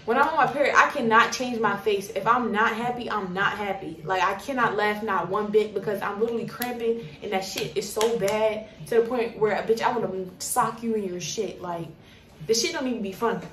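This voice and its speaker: A young woman working at a coffee shop tells a storytime in a blunt, animated and profane way. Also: mid-range voice, a little fast. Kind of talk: casual storytime. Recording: roomy, distant from mic, faint noise.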